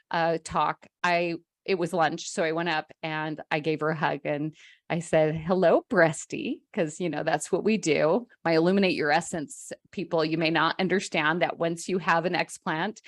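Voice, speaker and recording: A woman's voice: lowish voice, no echo, clean studio sound. A woman hosting a podcast, introducing her guest with effusive, heartfelt praise. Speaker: podcast host.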